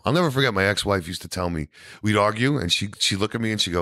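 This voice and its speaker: A man with a New York accent, his voice low and gravelly, recounts his recovery in an animated, candid way, leaning on "you know what I mean" again and again. He is recorded close and dry, with no room sound around him. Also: rapid-fire, no room sound. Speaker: podcast guest.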